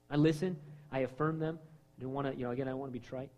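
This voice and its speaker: A man preaching a sermon in a conversational way, acting out quoted voices and swinging between loud lines and hushed ones. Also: mid-range voice, rapid-fire. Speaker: pastor.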